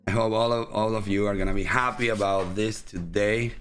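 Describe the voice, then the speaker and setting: A man's voice: fairly low pitch, fairly even intonation, brisk, a bit bright, clean tone, soft background music. A man with a Spanish accent, a native Spanish speaker, hosting a casual livestream interview in a loose, chatty way full of fillers. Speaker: host.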